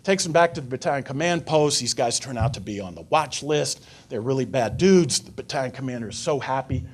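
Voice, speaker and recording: An older man giving a talk to a forum audience. He tells stories with life in them, acting out the people in them, and his voice sits at a middling pitch. He goes on to take questions from the room. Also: brisk, a little hiss or hum. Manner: animated storyteller, voices characters in his anecdote. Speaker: guest speaker at a foreign affairs forum. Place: lecture room before an audience.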